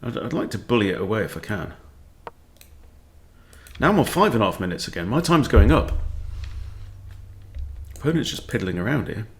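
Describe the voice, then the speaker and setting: A chess coach talks himself through a live game and mutters his moves half under his breath. His voice sits low but keeps swinging up and down. Keyboard clicks sound softly behind him. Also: very animated, moderate pace, long pauses.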